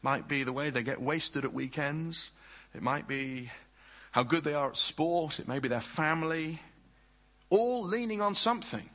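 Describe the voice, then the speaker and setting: A man preaching a sermon in an earnest way, often dropping to soft, hushed tones. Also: fairly high pitch, lively intonation, moderate pace, poor audio.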